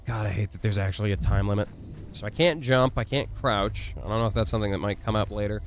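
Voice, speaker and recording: A man streaming a game live, chatting and commenting in an excitable, jokey way. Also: on the low side, quick pace, a little hiss or hum. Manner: excitable, jokey, laughs often.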